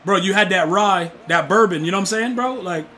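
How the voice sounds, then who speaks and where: A young man streaming a football video game, talking slangy trash to his chat and yelling at plays. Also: sits high, brisk. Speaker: gaming streamer. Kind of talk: live game stream commentary.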